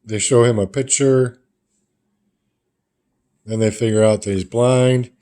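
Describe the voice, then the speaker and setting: A man's voice: medium pitch, steady tone, slow, mellow. A man casually retelling the panels of a comic book in a loose, rambling way, as a reviewer.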